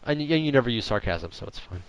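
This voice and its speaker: A man hosting a podcast in casual chat, droll and sarcastic with a deadpan wit and rambling asides. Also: medium pitch, quick pace, gravelly, muffled recording, slight background noise. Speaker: podcast host.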